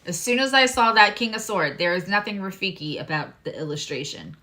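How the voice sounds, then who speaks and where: A woman hosting a live tarot and astrology reading in a chatty, candid way, swearing freely and now and then dropping into hushed asides. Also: mid-range voice, expressive, normal speed.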